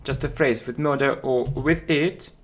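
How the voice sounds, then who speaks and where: A male English teacher gives a vocabulary lesson at an unhurried pace, with a voice of middle pitch. He says each phrase carefully, then repeats it word by word so that learners can follow. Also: steady tone, slight background noise.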